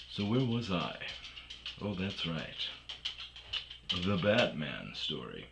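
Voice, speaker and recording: A man from Wisconsin telling rambling, profane comic stories that often trail off into low mumbles. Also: sing-song, takes it slowly, creaky, pauses often, noisy background. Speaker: storytelling podcaster.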